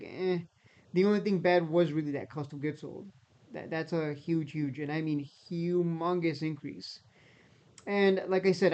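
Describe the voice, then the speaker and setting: A man with a slightly high, strained voice talks in a loose, conversational way, often repeating himself and pushing back with skeptical asides. The recording sounds dull and lo-fi. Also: darkish tone. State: voice strained, near losing it. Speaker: stock market YouTuber. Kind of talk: casual commentary.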